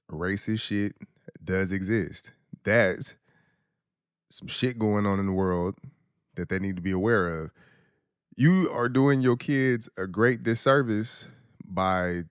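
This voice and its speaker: A man's voice: on the low side, clear, resonant tone, no room sound, clean studio sound. A young adult man hosting a podcast, talking in a blunt, profane, casual monologue and laughing often. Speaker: podcast host.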